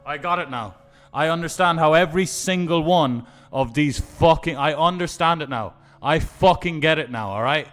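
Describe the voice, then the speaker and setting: A man's voice: on the high side, moderate pace, a bit bright. A man commentating his own online poker game on a live stream, muttering and swearing in exasperation.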